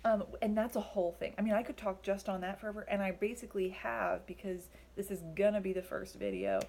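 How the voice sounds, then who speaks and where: Mellow-voiced woman teaching Bible casually. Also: mid-range voice, expressive, brisk, vocal fry. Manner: chatty, filler-heavy, acts out quoted lines. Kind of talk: casual Bible study talk.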